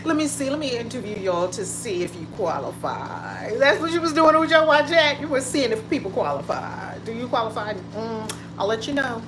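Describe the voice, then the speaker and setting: A woman's voice: a little high, big pitch swings, normal speed, few pauses, over music. A woman hosting a casual livestream from home, greeting viewers by name with lots of exclamations. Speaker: livestream host. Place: home room with window open. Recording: noisy home livestream audio.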